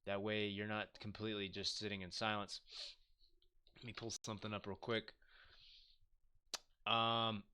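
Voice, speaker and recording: Bright-voiced, chatty male livestream host. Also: fairly low pitch, level tone, unhurried, pauses often, clear, resonant tone. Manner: loose and chatty, with swearing and self-deprecating jokes. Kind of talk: casual live-stream chat, reading viewer comments aloud.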